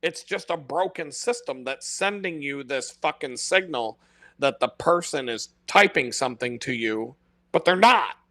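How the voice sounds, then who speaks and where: Male streamer, foul-mouthed exasperated rant, bright tense voice, dry close sound, self-mocking. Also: high voice, no echo. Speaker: live-stream host. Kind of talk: unscripted ranting monologue.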